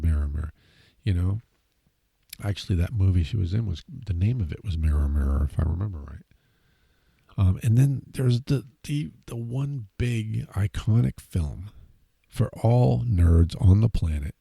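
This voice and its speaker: A man with a deep, gravelly, husky voice talks through a casual podcast monologue. He rambles and muses aloud with plenty of fillers and asides. The sound is dry and close, with no room around it. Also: dark tone, dry recording. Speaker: podcast host.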